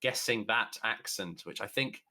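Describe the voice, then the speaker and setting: A man's voice: fairly low pitch, normal speed, pushed and bright, a little hiss or hum. A man co-hosting a comedy podcast in a playful, mock-pompous, joking way. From England. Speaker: podcast co-host. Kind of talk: casual podcast chat.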